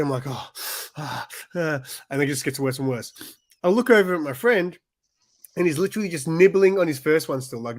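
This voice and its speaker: A young man with a slightly high voice, chatting casually on a podcast. He tells long, rambling stories, breaks off to restart his sentences and fills the gaps with ums and likes. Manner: rambling storyteller with many restarts and fillers. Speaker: podcast co-host. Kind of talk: casual chat.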